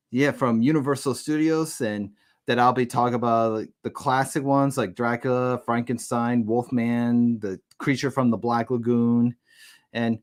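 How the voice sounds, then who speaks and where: A man hosting a casual podcast over a video call, rambling and restarting his sentences. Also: mid-range voice. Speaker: podcast host.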